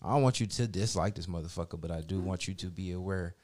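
A man's voice: sits low, fast. A man in casual chat, telling a story with a lot of swearing and acting out other people's lines. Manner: profane, animated storyteller acting out quotes.

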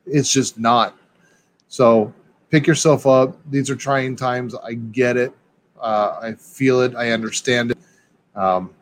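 Excitable rambling man in casual chat. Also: medium pitch, a little hiss or hum.

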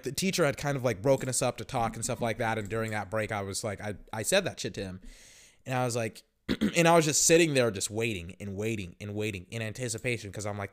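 A young man hosting a podcast, telling a story in a rambling, profane, casual way with lots of fillers. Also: medium pitch. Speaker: podcast host. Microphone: podcast microphone.

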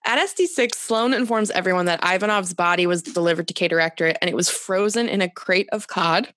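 A woman's voice: on the low side, fairly quick, fairly bright tone, dry recording, studio quality. A woman co-hosting a podcast, chatty and recapping a show, laughing often and correcting herself. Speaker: podcast co-host. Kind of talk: casual chat recapping episodes.

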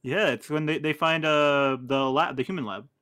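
A young man co-hosting a podcast in casual chat, joking with a deadpan edge. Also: fairly high pitch, moderate pace, clear, resonant tone, no echo, studio quality. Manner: teasing, deadpan jokes. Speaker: podcast co-host.

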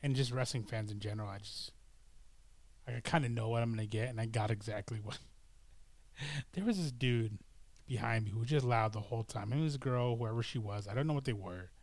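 A man's voice: mid-range voice, fairly quick, a little mellow, dry recording. A middle-aged man chatting casually to camera, rambling and hesitant, with many fillers and restarts. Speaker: vlogger. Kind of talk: casual chat.

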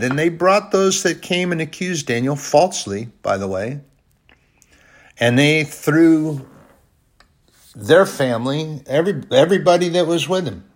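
A man preaching a sermon, retelling a Bible story and reading scripture aloud, rising to loud bursts and dropping to quiet, slow lines. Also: a little high, expressive. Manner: reads scripture in old-fashioned phrasing.

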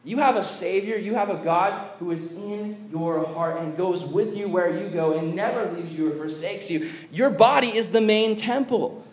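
Male youth pastor, high voice, animated and chatty, throws in "like" a lot. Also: normal speed, hardly any pauses, poor audio. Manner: animated, acts out quoted voices; conversational with fillers like "like". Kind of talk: youth sermon.

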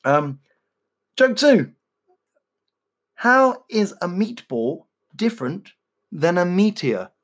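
Husky cheeky male podcast co-host. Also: high-pitched, big pitch swings, takes it slowly, long pauses. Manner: cheeky, crude jokes, laughs at his own jokes. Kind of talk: casual banter and joke-telling.

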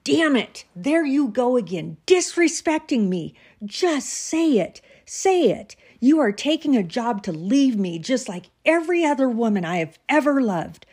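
A woman's voice: mid-range voice, lively intonation, moderate pace, mellow, close to an everyday voice. A woman voicing an angry, proud male artist husband who rants and accuses. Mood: furious. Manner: accusing, ranting.

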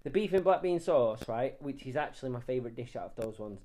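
A man's voice: medium pitch, animated, fast talker, warm tone, slight background noise. A man co-hosting a casual couple podcast, teasing and joking with plenty of swearing. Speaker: podcast co-host.

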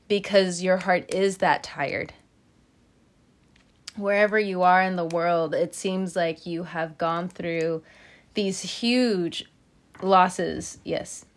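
Slow, emotional woman reading tarot. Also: on the low side. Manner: gentle and emotional, laughing and breaking off mid-sentence. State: tearful. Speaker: tarot reader. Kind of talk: casual tarot reading to viewers.

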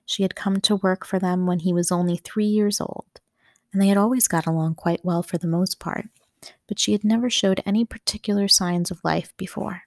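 A woman reading a novel aloud as an audiobook narrator, calm and measured. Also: medium pitch, creaky, no echo, studio quality.

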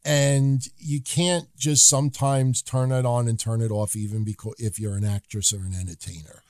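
A man co-hosting a podcast, reading listener names and giving calm, measured opinions in casual chat. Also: medium pitch, no echo, clean studio sound. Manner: calm, measured, occasionally swearing. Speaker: co-host.

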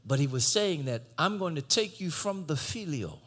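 Husky preacher man, lively delivery. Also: normal speed. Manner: swings from shouted exhortation to low conversational teaching. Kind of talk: sermon.

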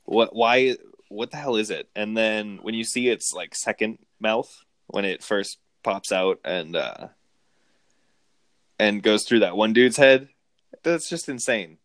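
A man casually discussing a movie, rambling and animated. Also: fairly low pitch, unhurried, dry recording. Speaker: film podcast co-host.

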